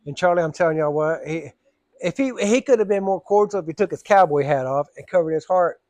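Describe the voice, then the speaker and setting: Man, casual storyteller, higher pitch, dry close sound. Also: animated, fairly quick, no echo. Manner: rambling, drawling Southern storyteller, acts out voices. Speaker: storyteller vlogger.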